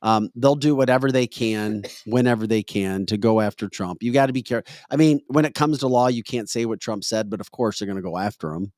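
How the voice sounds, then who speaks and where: A man's voice: lowish voice, fairly quick, hardly any pauses, a little mellow, no room sound, clean studio sound. A man hosting a political commentary podcast, making his points with emphatic, opinionated commentary. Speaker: podcast host.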